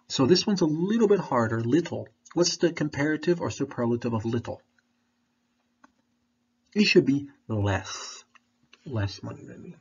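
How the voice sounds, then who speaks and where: Husky teacher with candy in mouth. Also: male voice, medium pitch, lively intonation. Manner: patient, repeats questions and explains slowly. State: sucking on throat candy. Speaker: English teacher. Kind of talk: online English lesson. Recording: dull lo-fi recording.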